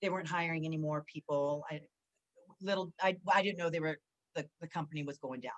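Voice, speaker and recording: A woman's voice: deep voice, brisk, muffled recording. A woman in her forties from Southern California, a former wrestler, chatting as an interview guest and acting out what people said. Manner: animated storyteller, acts out quoted dialogue with many fillers. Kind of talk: casual interview chat.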